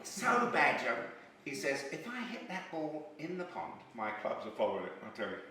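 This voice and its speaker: A man doing stand-up, telling joke after joke in a chatty way and jumping higher in pitch to act out the people in them. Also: huge pitch swings, normal speed, sharp tone, a little hiss or hum. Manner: chatty, filler-heavy, pitches up to act out quoted lines. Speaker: stand-up comedian. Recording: echoey room, mic at a distance.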